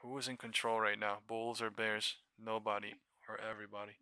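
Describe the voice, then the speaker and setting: A lower-pitched man with a tense, cutting edge to his voice, muttering profane, exasperated commentary as he streams his trades live. His voice is smooth and clean, recorded close and dry with no room sound. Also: flat delivery, brisk, sharp tone, dry recording.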